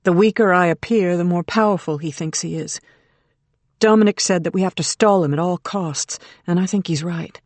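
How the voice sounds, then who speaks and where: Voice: mid-range voice, moderate pace, dry recording, close to an everyday voice. An audiobook narrator voicing a determined woman who speaks tensely and bitterly while negotiating for her son, in a dry recording. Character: determined mother under strain, adult woman. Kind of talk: audiobook character reading.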